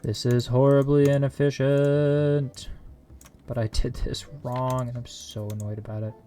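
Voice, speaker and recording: A man's voice: medium pitch, level tone, unhurried, dark tone. Man muttering frantic game commentary. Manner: talks to himself, frantic exclamations and silly mild curses. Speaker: streamer. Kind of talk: casual live gameplay commentary.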